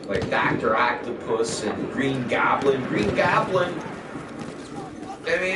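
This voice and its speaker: A man streaming a game, chatting casually and ranting in a rambling, profane, opinionated way while he plays. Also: fairly high pitch. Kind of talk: casual gaming livestream chat. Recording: roomy, distant mic with background noise.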